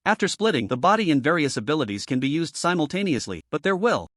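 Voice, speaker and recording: A man's voice: on the high side, quick pace, dry recording, studio quality. A man voicing an emotionless, mechanical system voice in a storybook recap. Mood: informing. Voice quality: flat and mechanical.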